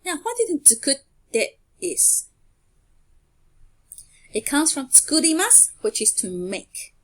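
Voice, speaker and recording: Woman, language teacher, recorded lesson, patient and clear, animated pitch. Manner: clear, patient, pauses for learners to repeat. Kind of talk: recorded online lesson over slides.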